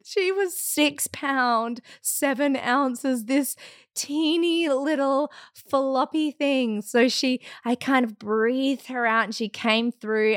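A woman in her thirties, a podcast guest, telling a personal story in a lively, casual way, acting out sounds and laughing often. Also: on the high side, clean tone, no echo, studio quality. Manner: animated, acts out quotes and sounds.

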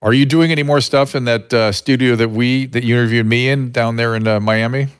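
A man's voice: mid-range voice, fairly even intonation, brisk, clear, resonant tone, no room sound. A man hosts an interview in a conversational way, firing off incredulous, rhetorical questions. His voice sits in a middle register, and the recording is dry and close. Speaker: podcast host.

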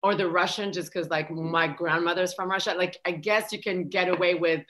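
Low, bright-voiced hesitant woman comic. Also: steady tone, moderate pace. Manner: hesitant, with many uh's and restarts. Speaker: comedian guest. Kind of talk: casual panel chat.

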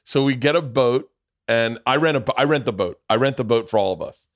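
A male podcast host from Florida telling a story in casual, profane, rambling fashion with plenty of restarts. His voice sits at an ordinary middle pitch. The sound is close and dry, with no room to it. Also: fairly quick, no room sound. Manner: rambling, profane, self-interrupting.

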